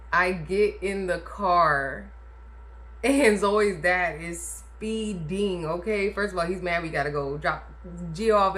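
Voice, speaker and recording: A woman's voice: fairly low pitch, pushed and bright. A woman casually telling a personal story to camera, chatty and emphatic, often adding "like" and "okay?". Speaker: vlogger telling her birth story.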